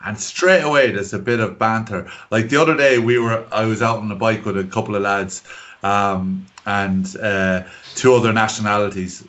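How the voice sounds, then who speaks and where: A man's voice: on the low side, steady tone, normal speed, fairly bright tone, poor audio. An Irish man on a podcast, talking earnestly and rambling a little as he hunts for the right words. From Ireland. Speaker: podcast co-host. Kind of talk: casual chat. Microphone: video call.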